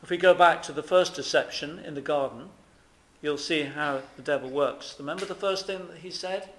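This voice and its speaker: A man preaching a sermon, earnest and emphatic, pressing his points with rhetorical questions. His voice sits a little higher than most men's. The sound carries a noticeable echo, as if from a church or hall. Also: normal speed, fairly bright tone. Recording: echoey room.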